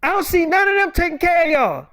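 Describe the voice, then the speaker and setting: A furious aunt unloads on her in-laws in a stream of profane, rapid-fire scolding, as a woman plays her. The voice sits high. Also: very animated, fairly bright tone, heavily acted.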